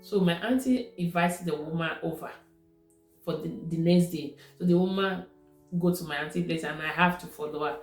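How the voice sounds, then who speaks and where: A woman's voice: lowish voice, moderate pace. A woman with a Nigerian accent telling a personal story in a casual, conversational way. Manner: conversational, repeats herself. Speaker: vlogger. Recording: echoey room with faint music.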